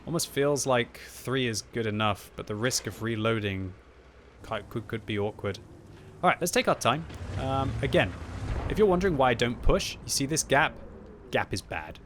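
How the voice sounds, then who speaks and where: A man giving live gameplay commentary at home, thinking aloud and breaking into loud frustrated yelling. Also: medium pitch, moderate pace. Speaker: gaming video host. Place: upstairs room at home. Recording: steady game noise behind the voice.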